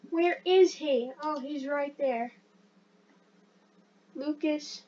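A woman giving casual, rambling gameplay commentary as a channel host, excitable and self-deprecating. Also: high-pitched, drawn-out words, long pauses, muffled recording.

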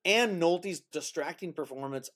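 A man co-hosting a casual film review podcast, agreeable and quick to back up his partner. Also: on the high side, a bit bright. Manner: agreeable, lots of quick yeahs. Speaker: podcast co-host.

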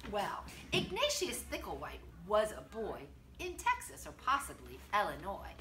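An older woman reading a picture book aloud to children in an expressive, sing-song way, stopping to ask them questions. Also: mid-range voice, moderate pace. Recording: roomy, from a distance, faint noise.

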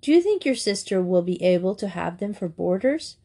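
A woman voicing a calm, kindly fatherly uncle in a storybook reading. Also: mid-range voice, brisk.

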